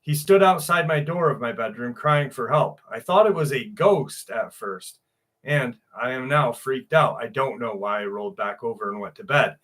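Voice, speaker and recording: A man's voice: medium pitch, expressive, moderate pace, fairly bright tone. A man hosting a casual livestream, joking crudely and greeting chatters by name. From New York. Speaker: livestream host.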